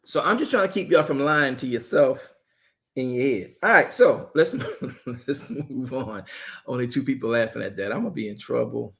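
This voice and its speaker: A man teaching scripture in a loose, joking way, his voice swinging widely up and down as he talks straight to his listeners. He restarts and repeats phrases as he works through a point. His pitch sits in a middle range. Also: lively intonation, normal speed, creaky, a bit bright. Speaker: apostle teaching a Bible study. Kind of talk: casual Bible study teaching.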